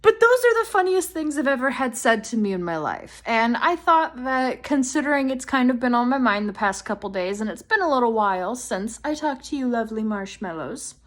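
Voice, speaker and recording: Young woman, fairly high voice, casual storytime vlog, animated, swears a lot, laughs mid-story. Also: a little fast, hardly any pauses. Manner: animated, swears freely, laughs while telling. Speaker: vlogger.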